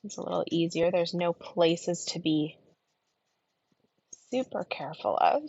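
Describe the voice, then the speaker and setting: Woman craft instructor, gravelly and a bit husky, lingering cough, casual tutorial talk, dry lo-fi sound. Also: lowish voice, a little slow. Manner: talks while colouring, often trailing into soft murmurs. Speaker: card-making instructor.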